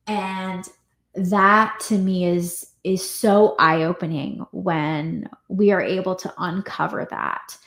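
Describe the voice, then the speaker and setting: A woman working as a parenting coach, talking casually to the camera and often pausing to rephrase her thoughts with fillers. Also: mid-range voice. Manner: conversational, with many fillers and restarts. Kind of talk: casual reflective talk to camera. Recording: echoey room.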